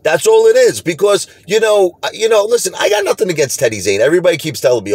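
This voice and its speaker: A middle-aged New man hosts his own video and rants straight into the camera with a lot of emphasis, going back over the same points. His voice sits a little high and swings up and down with energy. The sound is close and dry, with no room around it. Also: quick pace, hardly any pauses, husky, dry recording. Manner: animated, emphatic, repeats himself. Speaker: video host. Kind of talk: casual direct-to-camera rant.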